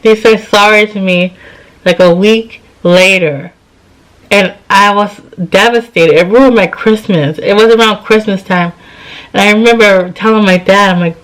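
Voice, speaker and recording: A woman in her thirties tells a personal story in a relaxed, chatty way. She sounds tired and acts out what each person said. Her voice sits at an ordinary middle pitch. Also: low-quality recording. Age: 30s. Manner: chatty, retells scenes with quoted dialogue. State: tired, yawning. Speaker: vlogger. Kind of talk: casual storytime.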